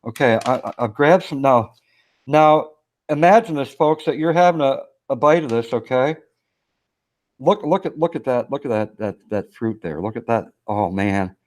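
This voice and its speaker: A man's voice: medium pitch, moderate pace, a little mellow. Plain-spoken enthusiastic man on a live stream. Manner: plain-spoken, enthusiastic, keeps saying "okay?" and "look at that". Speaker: co-host. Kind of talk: casual live stream chat.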